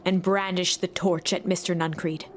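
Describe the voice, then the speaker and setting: A woman narrating a video game in a soft, even storytelling voice, sometimes dropping to a whisper. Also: lowish voice, moderate pace, slight background noise, close to an everyday voice.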